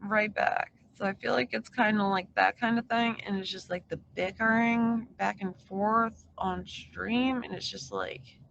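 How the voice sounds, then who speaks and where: With vocal fry, a steady, somewhat bright medium-pitched voice, and an unhurried pace with hardly any pauses, a streamer chats casually and aimlessly, full of swearing and filler words. Audio is muffled, with slight background noise.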